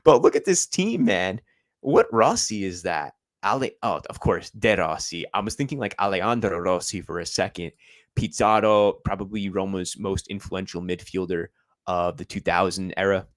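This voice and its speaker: A young American man hosts a football stream, chatting casually and rambling with lots of fillers. His low voice moves at a normal speed, and the recording is dry.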